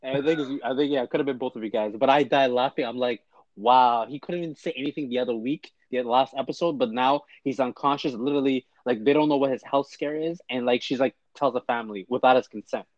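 Man, podcast co-host, animated casual chat, muffled lo-fi sound, dry. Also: medium pitch, fast talker, dry recording. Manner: animated, lots of "like" and "I'm like".

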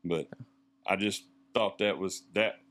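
A man, co-hosting a casual church podcast and talking in a halting, rambling way. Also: sits low, fairly bright tone. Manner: halting, rambling, searching for words.

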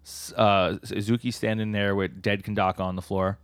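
A man's voice: fairly low pitch, little pitch movement, moderate pace, clear, resonant tone, no room sound. A man co-hosting a podcast, casually retelling manga chapters and acting out the characters' lines as he goes. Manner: rambling, acts out character lines while retelling. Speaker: podcast co-host.

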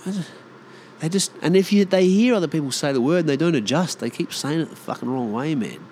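A man's voice: on the high side, fairly quick, a little mellow, slight background noise. A man with an Australian accent, rambling in a casual monologue and ranting bluntly with plenty of swearing.

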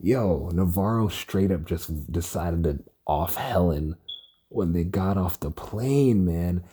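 Man, young adult, tired, rambling, stutters, swears, mellow dark voice, casual podcast. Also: sits low, lively intonation, slow pace, breathy edge. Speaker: podcast host. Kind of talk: casual solo podcast about a TV show.

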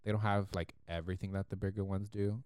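A man on a podcast tells a story in an easy, casual way. His voice sits fairly low, and he laughs often while he acts out the people in the story. The close mic gives a dry, dead sound. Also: little pitch movement, fast, a little mellow, clear, resonant tone, dry recording. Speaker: podcast co-host.

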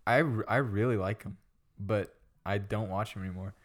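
A man's voice: lowish voice, moderate pace. A man in casual chat with a friend, easygoing, laughing along and giving short reactions. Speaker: friend listening.

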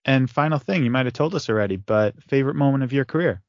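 A man's voice: medium pitch, expressive, fast, no room sound. Guy cohost, eager, dry and kinda muffled. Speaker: podcast co-host. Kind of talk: casual interview.

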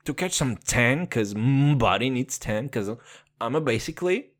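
A man who is not a native English speaker, hosting a comedic podcast monologue in a profane, playful mock-gangster swagger, sometimes dropping into a put-on deep voice. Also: expressive, normal speed. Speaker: podcast host.

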